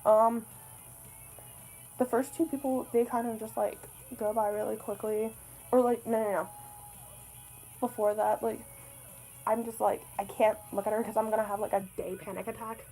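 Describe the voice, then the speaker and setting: A woman's voice: a little high, level tone, moderate pace, pauses often, dark tone, faint music behind, poor audio. Young woman, vlogger, rambling casual story, lots of swearing, self-mocking.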